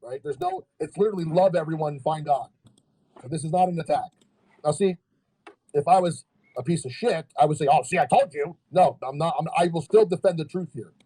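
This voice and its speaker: A man's voice: fairly high pitch, a little fast, dark tone, slightly rough, poor audio. A man on a livestream, arguing heatedly and rebutting comments he reads aloud.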